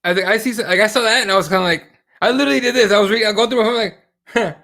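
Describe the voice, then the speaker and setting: A man with a notably high speaking voice chats on a podcast. He swears freely and tells stories by playing out the back-and-forth in quotes. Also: racing. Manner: profane, animated storytelling with quoted exchanges. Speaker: podcast co-host. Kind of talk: casual podcast chat.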